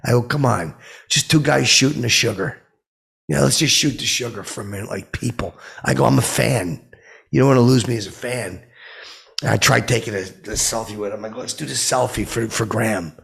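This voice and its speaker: A man hosting a comedy podcast, telling a rambling story in a dim, oblivious deadpan that jumps up in pitch when he quotes people. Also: fairly quick, creaky, slightly rough.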